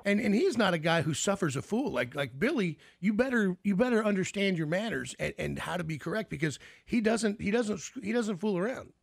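A man's voice: high-pitched, lively intonation, a little fast, vocal fry, hardly any pauses, no room sound, clean studio sound. A man hosting a radio show, chatting casually with his guest and telling stories with many restarts. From Kansas City. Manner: rambling storyteller with many restarts. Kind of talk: casual interview chat.

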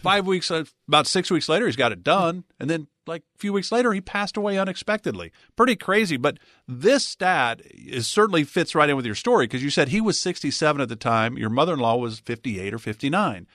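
A man's voice: fairly high pitch, brisk, few pauses, no echo. A man hosting a financial radio show, talking up retirement planning in a promotional way. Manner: lively, promotional, repeats phone number. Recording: dry studio sound.

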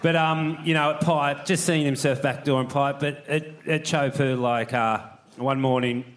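A man's voice: mid-range voice, fairly even intonation, moderate pace. A middle-aged man, a former pro surfer, telling stories in casual chat, with many fillers and restarts. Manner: rambling, full of fillers and restarts. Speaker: guest, retired pro surfer.

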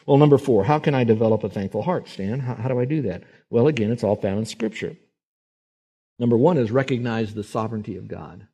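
A man's voice: mid-range voice, fairly quick, warm tone, slightly rough. Emphatic male preacher. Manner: emphatic, acts out quoted voices. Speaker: pastor. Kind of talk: sermon.

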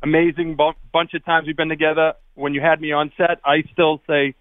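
A man with a Boston accent jokes around as he calls in to a radio show. His voice comes through a tinny phone line and sits a little high, with a dry sound. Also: flat delivery, fairly quick, no room sound. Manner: joking, playful. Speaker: caller. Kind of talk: casual phone chat.

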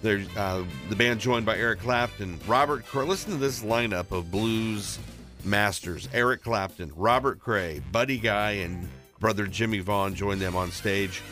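Low-voiced male radio co-host. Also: unhurried, faint music behind. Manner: relaxed, interjecting with short agreements. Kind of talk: casual radio chat.

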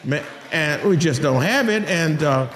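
Male pastor, middle-aged, high lively voice, folksy sermon delivery to his flock. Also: a little slow. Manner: animated preaching, folksy asides to the congregation.

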